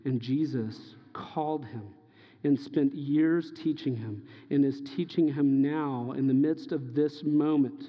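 A man preaching a sermon, his voice a bit high for a man. He acts out the lines he quotes, rising loud and dropping to near hushes, and the long reverb of a hall trails after his words on a dull-sounding recording. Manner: impassioned preaching, acting out quoted dialogue, swinging loud and soft. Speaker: pastor.

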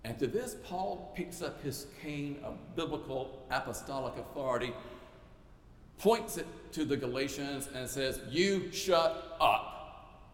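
A man's voice: medium pitch, a little slow. A male pastor preaching a sermon with emphatic, repetitive rhetorical build-ups. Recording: echoey church hall, faint noise.

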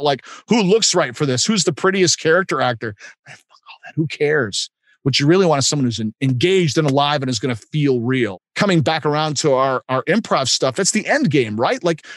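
A man tells showbiz anecdotes with animation and acts out the other voices. His voice sits slightly high, and the recording is close and dry. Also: no room sound. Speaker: guest, improv and voiceover actor. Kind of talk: anecdotal storytelling.

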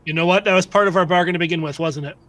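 A man playing in a tabletop game, joking and talking quickly in casual banter. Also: high voice, fairly even intonation, fairly bright tone, dry recording. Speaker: player.

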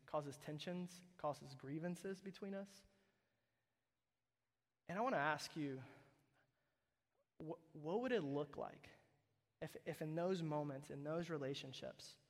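A man preaching a sermon as pastor, conversational and emphatic, often asking "right?" as he talks. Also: on the high side. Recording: reverberant hall.

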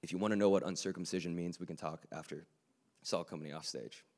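A man's voice: deep voice, steady tone, fast talker, darkish tone. A man preaching a sermon to a live room, earnest and conversational, with joking asides to the audience.

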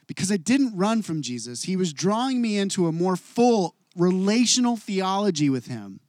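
A man in his forties preaches with a high, light voice, earnest and confessional. He drops to a hush and then lifts his voice again. The sound is close and dry, with no room around it. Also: no room sound. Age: 40s. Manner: earnest, confessional, swings from hushed to loud. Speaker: pastor. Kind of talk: sermon.

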